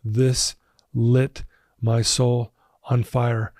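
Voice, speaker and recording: A man's voice: medium pitch, flat delivery, extremely slow, darkish tone, dry recording, studio quality. A man in his fifties, a podcast guest, telling his personal recovery story in an earnest, emotional way.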